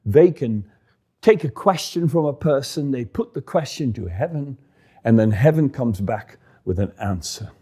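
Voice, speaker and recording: A man's voice: medium pitch, animated, a little slow, mellow, husky. Man retelling a scripture story casually. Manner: casual, explanatory, with asides.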